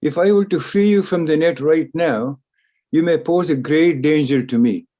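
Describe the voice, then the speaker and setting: A man's voice: a little high, lightly acted. Man voicing a cautious clever mouse. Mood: calm. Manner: calm, measured, reasoning. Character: cautious clever male mouse, calm and wary.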